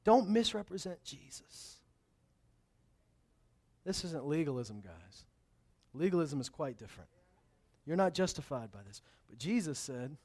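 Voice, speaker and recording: A man's voice: a little high, very animated, measured pace, long pauses, darkish tone. A male pastor preaching a sermon, telling stories casually and then building to emphatic, raised declarations.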